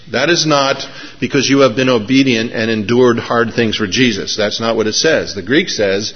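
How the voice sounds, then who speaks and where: A male pastor preaching a sermon, explaining scripture and telling stories with rising excitement and softer reflective moments. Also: medium pitch, normal speed, slightly rough. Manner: storytelling, building excitement, then soft and reflective. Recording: slightly muffled lo-fi recording.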